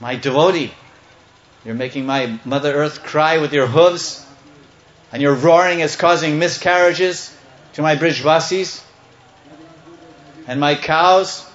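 A man's voice: a little high, steady tone, slow, long pauses, a bit bright. Brief: man playing a young male god rebuking a demon, stern and indignant, muffled and echoey. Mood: scolding. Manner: scolding, indignant. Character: divine cowherd boy, male, scolding, commanding. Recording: echoey, slightly muffled room.

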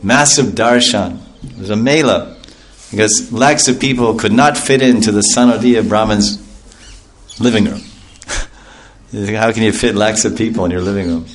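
A man telling a devotional story to an audience in a lively, animated way, laughing often and breaking into loud chanted calls. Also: on the low side, normal speed, pauses often, a little hiss or hum. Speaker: storytelling speaker at a devotional class.

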